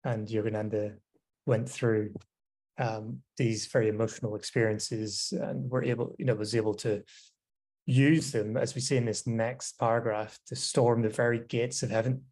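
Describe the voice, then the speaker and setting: A man with a slightly husky voice joins a casual group discussion. He talks in a reflective, musing way, pausing with fillers between thoughts. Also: on the low side, flat delivery, darkish tone.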